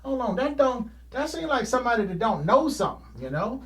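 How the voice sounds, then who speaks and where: A man's voice: very high-pitched, big pitch swings, a little fast. A man hosting his own painting show, talking in a casual, plain-spoken, folksy ramble and laughing often.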